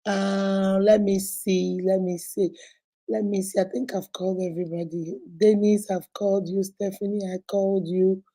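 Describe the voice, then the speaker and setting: A woman in her fifties hosts a relaxed live stream. Her voice is mellow and sits at an ordinary pitch. She chats casually, laughs often and greets her viewers one by one. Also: moderate pace. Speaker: host.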